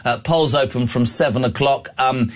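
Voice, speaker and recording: A man hosting a morning talk radio phone-in, opinionated and animated. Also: medium pitch. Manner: opinionated, animated, quick to laugh.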